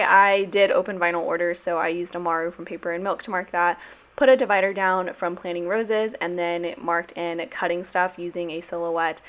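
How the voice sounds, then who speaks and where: A woman's voice: lowish voice, steady tone, moderate pace, fairly bright tone. A young woman giving a casual, chatty voiceover about her planner, bubbly and rambling, with slang and the odd swear word. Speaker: planner vlogger and sticker shop owner.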